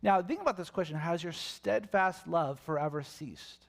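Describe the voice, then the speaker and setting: A man preaching a sermon as pastor, animated and swinging between loud and soft as he acts out questions. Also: a little high, normal speed, vocal fry. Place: church sanctuary. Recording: long reverb of a church hall.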